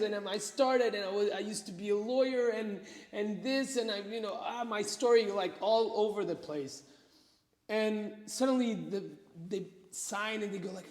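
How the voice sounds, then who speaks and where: A fairly high-voiced man from Portugal tells a story to the camera in a loose, conversational way. He restarts his sentences often and fills the gaps with "uh" and "you know". His voice rings with long reverb from the room. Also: normal speed. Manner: many fillers and restarts, animated retelling. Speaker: entrepreneur.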